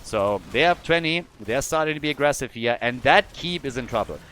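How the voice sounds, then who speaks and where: A man casting a live esports match, calling the plays fast and getting excited at big moments. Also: medium pitch, a little hiss or hum. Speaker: esports caster. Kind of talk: live game commentary.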